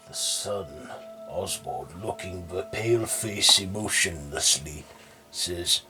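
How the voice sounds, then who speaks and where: A male horror storyteller reads in a slow, steady voice. His pitch sits deep, and his tone is bright and forceful. Faint music runs underneath.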